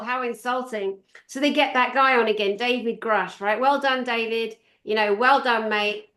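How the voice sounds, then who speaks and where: A woman in casual conversation, talking in an animated, exasperated way and acting out what others say. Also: fairly high pitch, moderate pace, few pauses, roomy sound.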